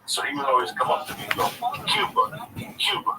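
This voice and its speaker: A man's voice: medium pitch, wildly swooping pitch, very fast. A man hosting a livestream, telling rambling, profane comic stories. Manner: rambling, profane, laughing often. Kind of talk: comic storytelling. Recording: distant mic with noisy background.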